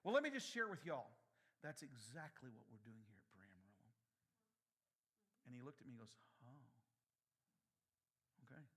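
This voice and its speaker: A man's voice: mid-range voice, very animated, fairly quick, pauses often, bright, forceful tone, husky. A middle-aged man preaching a sermon as pastor, telling stories and acting out the voices of people in them. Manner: storytelling, acting out voices in his anecdotes.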